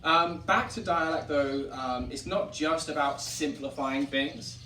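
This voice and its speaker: An Englishman from Wiltshire talks through old rural dialects in a relaxed teaching chat, stopping now and then to act out a sample line. The mic sits a fair way off, so his voice carries the echo of the room. A faint hum of ambience stays behind him. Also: on the high side, measured pace, far from the mic. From Wiltshire, England. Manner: explains and demonstrates accents with lively put-on examples. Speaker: historic site director. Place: historic tavern room.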